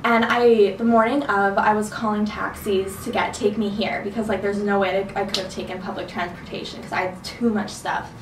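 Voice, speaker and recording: A woman's voice: medium pitch, fairly even intonation, fairly quick, hardly any pauses, reverberant, distant mic, noisy background. A young woman vlogger telling a rambling story in a casual chat, full of "like"s. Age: young adult. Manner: chatty, rambling with many "like"s. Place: dorm room.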